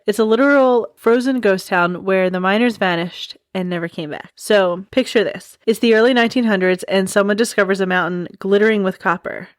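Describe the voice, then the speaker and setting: A woman's voice: mid-range voice, no echo. Giggly chatty woman, dry close sound. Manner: chatty, giggly, tells stories with wry asides. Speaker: podcast host. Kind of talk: casual storytelling podcast.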